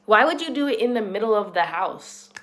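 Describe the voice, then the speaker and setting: A woman's voice: mid-range voice, big pitch swings, a little fast, a bit bright. A young woman hosting a reaction channel, giving blunt, sarcastic and profane casual commentary. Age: young adult.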